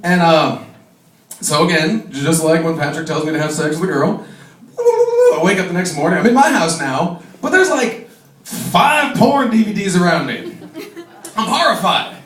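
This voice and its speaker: A man's voice: sits high, sing-song, normal speed, fairly bright tone. A young man doing his first stand-up comedy set in a bar, telling rambling stories and laughing at his own jokes. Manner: rambling storyteller, acts out friends' voices, laughs at own jokes. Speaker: stand-up comic. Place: small bar stage. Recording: echoey live room mic, from a distance. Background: crowd laughter.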